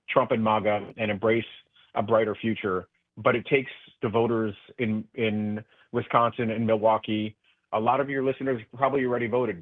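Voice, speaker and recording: Calling into a radio interview, a male political guest speaks passionately and earnestly with many restarts. His pitch is fairly low, the phone line sounds tinny, and there's no room sound.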